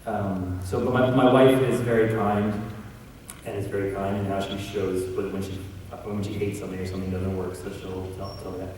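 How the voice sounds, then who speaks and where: A man's voice: sits low, flat delivery, fairly quick, darkish tone. A man, a comic book writer, talking casually on a convention panel, rambling and self-deprecating with many restarts. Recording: roomy hall, mic heard from a distance, faint background noise.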